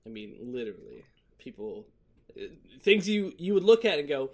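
A man's voice: fairly high pitch, big pitch swings, moderate pace. A man co-hosting a podcast in casual, joking chat, loose and profane, laughing often. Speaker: podcast co-host. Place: lives in Florida.

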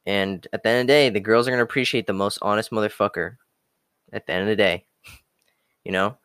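A man's voice: on the low side, steady tone, fast, fairly bright tone, smooth, no room sound, studio quality. A young man hosting a podcast, ranting bluntly with constant swearing and mocking whiny voices. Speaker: podcast host. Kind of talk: profane motivational monologue.

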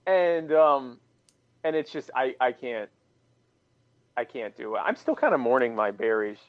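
A man co-hosting a casual political podcast, talking in a mocking way and pushing his voice high for effect. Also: animated, measured pace, no room sound, highs cut off. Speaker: co-host.

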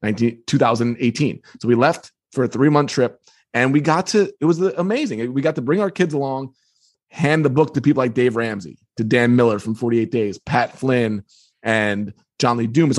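A man with a slightly husky voice tells a story about his book as an interview guest. He talks with energy and slips into lively voices when he quotes other people. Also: mid-range voice, normal speed. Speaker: author and guest. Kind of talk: animated storytelling.

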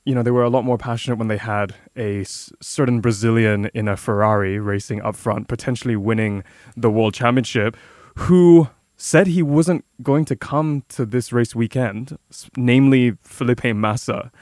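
A man's voice: mid-range voice, normal speed, darkish tone, no room sound, clean studio sound. A man co-hosting a casual podcast chat, talkative, with sarcastic asides and frequent restarts. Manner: chatty, sarcastic asides, repeats words when starting sentences. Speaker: podcast co-host.

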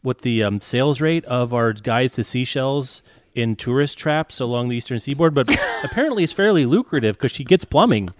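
A man's voice: medium pitch, lively intonation, moderate pace. A man co-hosting a casual book-discussion talk, wry and chatty, with many fillers and restarts. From not from the US South. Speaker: podcast co-host.

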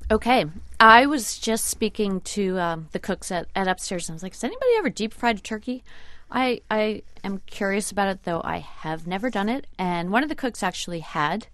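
A woman chef, a guest on a call-in radio show, answering cooking questions thoughtfully with many pauses. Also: medium pitch, animated, fairly bright tone, no room sound. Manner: thoughtful, hesitant, many fillers and restarts. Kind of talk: radio interview chat.

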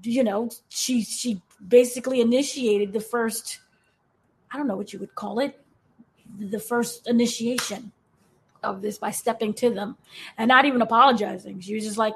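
Woman, fairly high voice, casual show-recap panelist, animated, slips into character voices. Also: normal speed, husky. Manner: animated, acts out characters' lines in quotes. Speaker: podcast panelist. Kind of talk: casual discussion of a TV episode.

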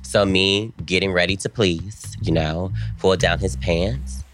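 Deep-voiced young man telling a wild story. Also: measured pace, noisy background. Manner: animated, dramatic retelling with acted-out quotes and frequent profanity. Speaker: podcast co-host. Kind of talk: casual storytelling chat.

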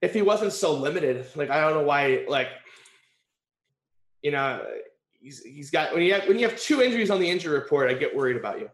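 Blunt co-host with a higher voice. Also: male voice, expressive, fairly quick, roomy sound. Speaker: podcast co-host. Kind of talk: casual sports chat.

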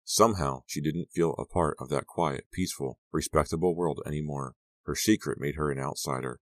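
A man reading a teen horror novel aloud as an audiobook narrator, in measured, steady storytelling. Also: extremely low pitch, no echo.

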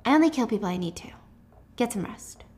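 A woman reading the lines of a cold, ruthless young male military commander in a calm, commanding way, close to her own voice. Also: fairly high pitch, quick pace, natural voice. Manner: calm, commanding, casually cruel.

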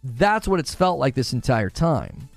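A man's voice: medium pitch, sing-song, a little slow, creaky, dry recording, soft background music. A man hosting a casual gaming livestream, talking through examples and acting out imagined quotes.

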